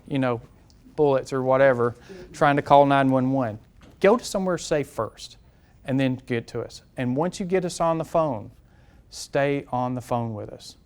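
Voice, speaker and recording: This campus police safety trainer has a mid-range, slightly mellow, smooth voice and a Southern US accent. At a live seminar in a classroom lecture room, he talks to the class directly and conversationally, repeating his main points and putting questions to the audience.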